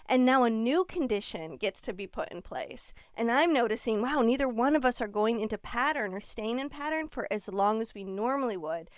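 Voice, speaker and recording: A woman with a high, bright voice and wide, lively swings in pitch, animated and expressive. She often slips into quoted dialogue as she talks. The sound is close and dry. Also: normal speed, hardly any pauses, clear, resonant tone, dry recording. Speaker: guest, relationship and leadership mentor. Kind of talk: casual conversational interview.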